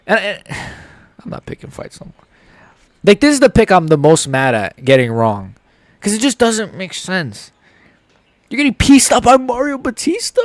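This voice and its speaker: A man's voice: high-pitched, no echo. A young man hosting a live fight reaction, ranting heatedly and swearing. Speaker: MMA channel host.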